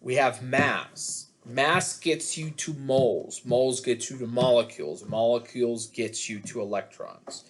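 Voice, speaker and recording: A man's voice: mid-range voice, measured pace, few pauses. A middle-aged man teaching a physics class online over a video call, chatty and joking with students between worked problems. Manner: chatty, jokey asides to students. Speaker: physics instructor. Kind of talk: online lecture.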